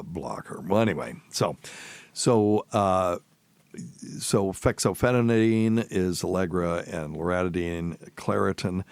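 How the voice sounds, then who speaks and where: A man's voice: deep voice, no room sound. A man hosting a medical call-in radio show, answering questions casually and correcting himself as he goes. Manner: thinks aloud, corrects himself. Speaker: radio show doctor host.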